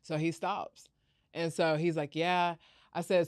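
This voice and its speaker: A woman recounts a family story in a candid interview, slipping into the voices of the people she quotes. Her voice is smooth and resonant, heard close and dry with no room sound. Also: low voice, fairly even intonation, unhurried, darkish tone, no echo. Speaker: podcast guest, founder.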